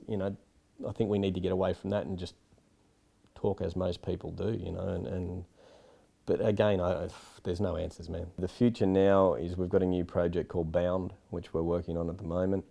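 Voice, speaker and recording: A man's voice: low-pitched, gravelly, mellow. An Australian man, a film director, giving frank, rambling interview answers with many asides. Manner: rambling, frank, lots of "you know".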